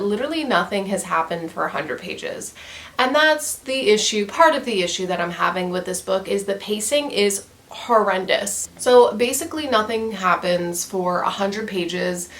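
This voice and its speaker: A woman's voice: medium pitch, lively intonation, moderate pace, a bit bright. A young woman in her twenties reviewing a book in a casual rant to the camera, exasperated, crude and emphatic, repeating her points.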